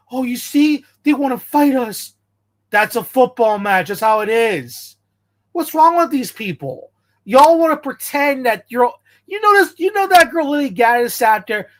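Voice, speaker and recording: A man's voice: very high voice, fairly bright tone. An American man commenting on a video in a heated, casual rant, blunt and confrontational, repeating himself for emphasis. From United States.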